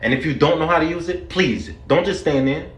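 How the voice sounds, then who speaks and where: A young man from the Bronx talks with a strong New York accent and a brash, joking delivery, leaning hard on street slang. His voice sits slightly higher than most men's. The sound carries a noticeable room echo. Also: brisk. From New York City, the Bronx. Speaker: vlogger host. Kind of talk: comedic vlog skits.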